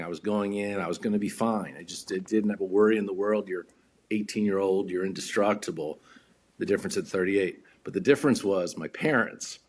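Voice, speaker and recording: Brief: low, husky male podcast guest, a lively storyteller who acts out the voices. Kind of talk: casual storytelling.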